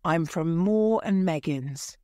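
A woman's voice: lowish voice, takes it slowly, mellow, no echo, studio quality. A woman voicing a solemn, well-dressed male stranger in a storybook reading for learners, with a plain, careful reading voice.

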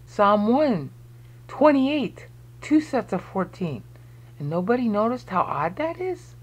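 Slow-talking presenter, screen walkthrough, musing aloud, emphatic. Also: mid-range voice, big pitch swings, slightly rough. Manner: thinks aloud while searching on screen. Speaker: video presenter explaining research.

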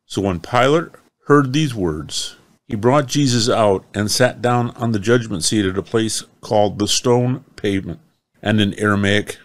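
Slow, deep-voiced male Bible reader. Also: dry recording. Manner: slow, measured, solemn. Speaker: scripture reader. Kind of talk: Bible reading.

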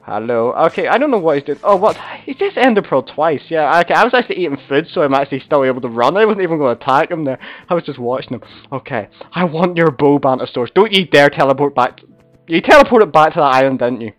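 A young man commentating his own game play, chatty and excitable, gasping and yelling when danger comes. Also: fairly high pitch, a little fast, no echo, lo-fi sound, faint music behind. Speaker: gamer commentator. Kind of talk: gameplay commentary.

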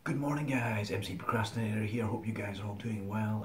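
Chatty low-voiced male motorbike vlogger. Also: a little fast, hardly any pauses, crowd noise. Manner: chatty and self-mocking, with tag questions. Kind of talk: casual vlog chat to camera. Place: at home and in his garage.

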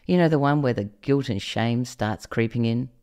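A woman's voice: a bass voice, moderate pace, a little mellow. A middle-aged woman from Australia hosting a parenting podcast, delivering a scripted monologue expressively and asking the listener direct questions. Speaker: podcast host.

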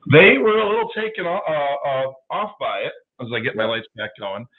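A man's voice: a little high, normal speed. Man telling stories over a tinny line. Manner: lively anecdotal, acts out quoted dialogue. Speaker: guest, baseball team general manager. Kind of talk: casual storytelling chat. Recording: tinny phone-like audio.

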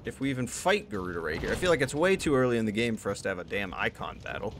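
A young man in a let's play, talking through the game, excitable, swearing and thinking out loud. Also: on the low side, rapid-fire, a little hiss or hum. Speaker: gaming YouTuber.

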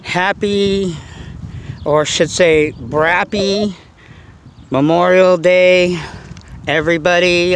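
Man, RC vlog host, somewhat high voice, rambling, lots of fillers, faint outdoor hiss. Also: fairly bright tone, poor audio. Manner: rambling, repeats himself, fillers like you know. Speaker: RC car vlogger. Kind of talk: casual rambling vlog talk.

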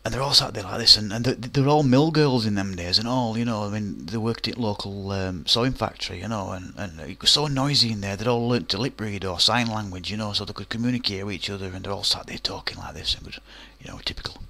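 A man's voice: on the low side, fast talker, vocal fry, few pauses, pushed and bright. A man telling a comic anecdote, rambling and colloquial with many fillers. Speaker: storyteller.

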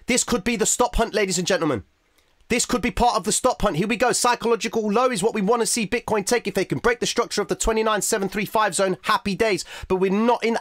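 Excitable high-voiced man commenting live. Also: dry recording, studio quality. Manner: excitable, talks fast to the audience as "ladies and gentlemen". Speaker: trading live-stream host.

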